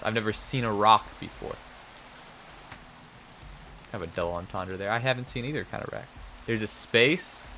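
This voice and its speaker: A man streams a game, muttering to himself as he plays and swapping mock-outraged jokes with his chat. His mid-range voice sounds pushed and bright, and the low-quality recording carries a little hiss or hum.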